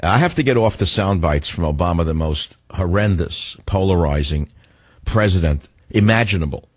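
A male talk radio host rants in a theatrical, indignant way, and his pitch climbs and drops constantly. His voice sits on the low side and sounds a bit husky. It is recorded dry and close on a studio mic. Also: expressive, moderate pace. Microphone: studio microphone.

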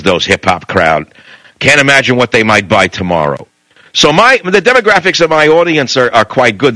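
A man's voice: lowish voice, bright, forceful tone, dry recording, poor audio. Blunt, combative male talk radio host. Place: radio studio.

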